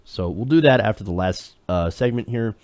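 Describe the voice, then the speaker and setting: A man's voice: on the low side, lively intonation, normal speed, darkish tone, dry recording. A man hosting a live political talk show, casual and sarcastic, reacting to clips. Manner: sarcastic, loose, laughing at clips. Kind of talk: casual live-stream commentary.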